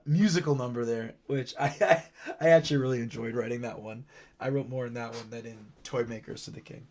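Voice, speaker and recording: A man's voice: mid-range voice, vocal fry. A man casually recapping his own holiday story on a stream, giggling, mocking it and rambling. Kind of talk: casual recap with sung bits.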